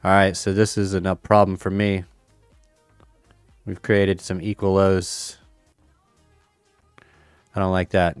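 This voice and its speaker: A man's voice: deep voice, flat delivery, slow, pauses often, clean tone, no echo, soft background music. A man streaming casually, thinking aloud about crypto charts and a chess game, with playful banter. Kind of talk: casual livestream chat over charts and chess.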